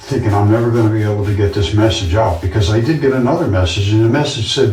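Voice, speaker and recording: A man's voice: on the low side, quick pace, hardly any pauses, a little mellow. A man talking in a casual monologue, earnest and insistent, often repeating himself as he tells his story. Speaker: vlogger. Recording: roomy, distant from the mic.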